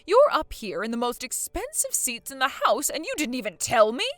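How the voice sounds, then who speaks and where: A woman's voice: high-pitched, sing-song, moderate pace, a bit bright, no echo, soft background music. A woman voicing a scheming, pompous mother-in-law in a voiced story drama, haughty and accusing. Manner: haughty, accusing, self-pitying.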